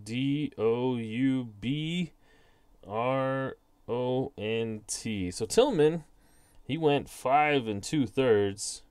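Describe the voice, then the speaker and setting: A man's voice: medium pitch, very slow, darkish tone, smooth, no room sound. A man hosting his own channel, calling a tabletop baseball simulation play by play. He reads out each dice result, then narrates it like a broadcaster, with the odd self-deprecating aside. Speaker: host.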